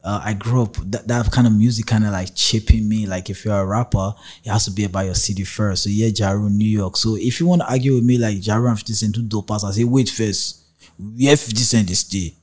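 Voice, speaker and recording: A man's voice: lowish voice, steady tone, fast talker, few pauses, a little mellow. A young Nigerian man with a Warri pidgin accent, telling stories in a casual interview, mixing pidgin and English, acting out voices and laughing often. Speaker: rapper interviewed as guest.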